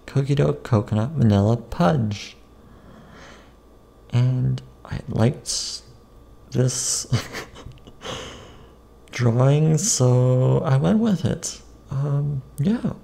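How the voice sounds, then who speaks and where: Slow, gravelly man reading a silly picture book. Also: mid-range voice, mellow. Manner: playful, sing-song, chanting silly rhymes. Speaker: author reading his own picture book. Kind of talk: reading a children's picture book aloud with asides.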